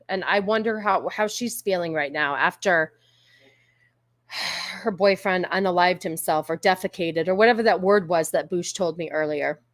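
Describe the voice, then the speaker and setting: A Californian woman with a medium-pitched, fairly bright voice hosts a casual livestream. She chats with her live chat viewers in a sassy, laughing way, slipping into a valley girl voice.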